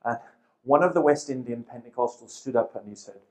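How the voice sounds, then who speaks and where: A man in his fifties delivers a seminar talk in a lively storytelling manner. He slips into the voices of people in his anecdotes and keeps a dry, humorous edge throughout. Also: mid-range voice, fairly quick, poor audio. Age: 50s. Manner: lively storyteller who acts out quoted people, with dry humour. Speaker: seminar speaker.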